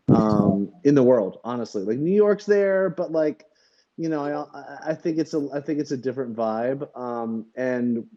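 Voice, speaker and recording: A man chatting on a podcast in a mellow, dark-toned voice, rambling and hesitant, stopping and restarting often. The audio is dull and lo-fi. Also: medium pitch. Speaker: podcast co-host. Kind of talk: casual podcast chat.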